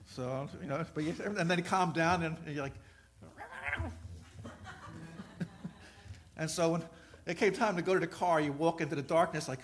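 A middle-aged man preaching a sermon, telling stories and swinging between loud emphasis and soft asides. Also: a little high, moderate pace, long pauses, a little hiss or hum. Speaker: pastor.

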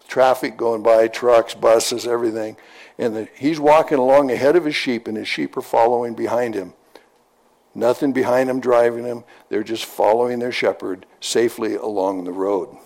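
A man's voice: mid-range voice, darkish tone. Folksy conversational male preacher. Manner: conversational, folksy storytelling with repetition. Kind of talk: sermon.

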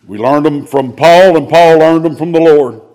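A man preaching, reading scripture aloud and explaining it, rising to loud exclamations. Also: on the high side, normal speed. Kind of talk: expository sermon.

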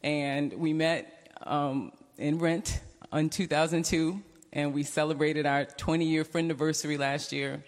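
A woman's voice: deep voice, flat delivery, a little slow, few pauses. Woman speaking at a funeral, echoing chapel. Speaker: eulogy speaker. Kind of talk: funeral eulogy. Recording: long hall reverb in a chapel.

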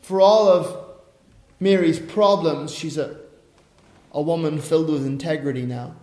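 A man's voice: fairly high pitch, a little slow, mellow. A man preaching a sermon in a conversational way, now and then acting out the voices of the people in his story. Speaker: pastor. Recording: echoey room.

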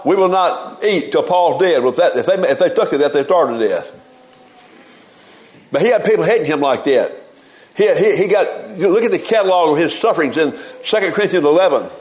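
A man's voice: on the high side, low-quality recording. A man preaching a sermon in a folksy, emphatic way, often repeating words as he gets going.

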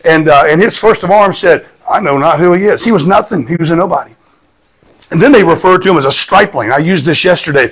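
A man's voice: on the high side, fast, fairly bright tone, rough recording. A man, preaching a sermon in a folksy storytelling manner, often repeating words and checking in with "okay?". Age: 50s.

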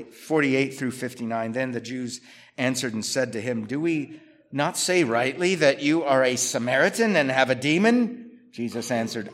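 A man preaching a sermon, reading scripture out loud and then unpacking it in plain, conversational speech. His volume swings from strong emphatic lines down to quiet, almost muttered asides. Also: medium pitch. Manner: reads scripture aloud, then explains it conversationally. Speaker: pastor.

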